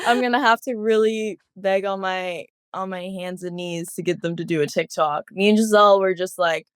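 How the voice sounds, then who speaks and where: A woman's voice: medium pitch, fairly even intonation, normal speed, smooth, no room sound, studio quality. A young woman guest in a casual podcast interview, chatty and giggly. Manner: giggly, chatty, many fillers. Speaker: guest athlete.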